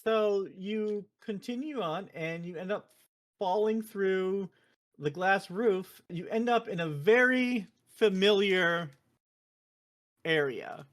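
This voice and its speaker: Co-host, woman, mid-pitch, swears casually, dry recording. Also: slow, no room sound. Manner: swears casually and acts out quoted lines. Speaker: podcast co-host. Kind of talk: casual chat retelling a game.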